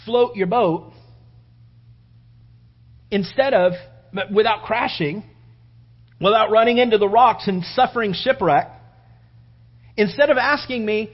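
A man's voice: high-pitched, unhurried, pauses often. A man preaching a sermon as pastor, conversational and repetitive, in a dull lo-fi recording. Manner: conversational and repetitive, plays out the story in voices.

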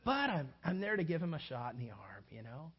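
A man's voice: fairly high pitch, fairly quick, breathy edge, highs cut off. A male pastor preaching a sermon, acting out everyday scenes with playful shifting voices. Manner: animated, acts out little scenes with shifting voices.

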